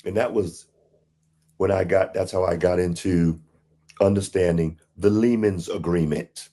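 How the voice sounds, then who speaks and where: A man being interviewed, recounting his past in a rambling, animated storytelling way and acting out the people he quotes. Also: measured pace. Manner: acts out quoted dialogue in a higher voice; rambling with fillers and restarts. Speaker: interview guest.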